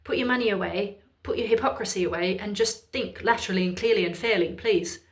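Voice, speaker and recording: A woman's voice: mid-range voice, brisk. A woman with an Irish accent giving heated, emphatic, exasperated political commentary in a ranting video. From Ireland.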